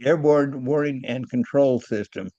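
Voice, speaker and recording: A man's voice: mid-range voice, a little slow, warm tone, no echo, muffled recording. An older man, a retired aircraft engineer, talking casually in an interview, often repeating words and chuckling at his own stories.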